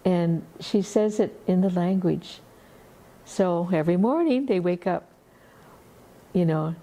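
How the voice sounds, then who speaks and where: A woman telling a story at a festival in an unhurried, conversational way, full of asides. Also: fairly low pitch, gravelly, mellow. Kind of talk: oral storytelling.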